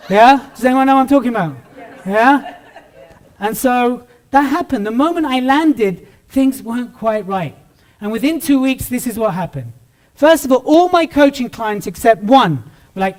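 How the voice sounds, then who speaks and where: A British man giving a lively motivational talk on stage to a live audience, joking with the crowd. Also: very high voice, normal speed. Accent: British English. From Britain. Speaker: keynote speaker.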